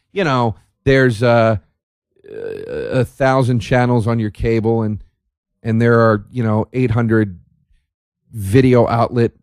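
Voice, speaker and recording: A man's voice: medium pitch, no room sound. Sardonic man, dry close mic. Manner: sardonic, profane, rambling with restarts. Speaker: podcast host. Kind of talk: solo comedic monologue. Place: indoor room by a window.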